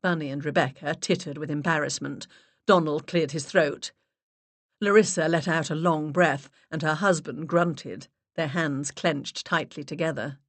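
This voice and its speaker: A woman narrating a mystery audiobook in the first person, expressive storytelling. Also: low-pitched, unhurried, dry recording. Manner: expressive storytelling with varied character voices.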